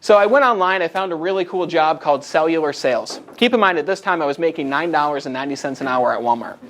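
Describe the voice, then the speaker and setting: Energetic young man giving a talk. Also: a little high, fast. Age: 20s. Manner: energetic storytelling with lively asides to the audience. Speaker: motivational speaker. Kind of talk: live presentation to a group. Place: meeting room in front of a live group.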